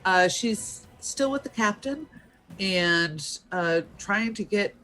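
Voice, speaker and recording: A man describing his character's actions in a tabletop game, hesitant and halting. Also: high-pitched, expressive, pushed and bright. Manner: hesitant, halting speech with many fillers. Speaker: player. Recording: light background music.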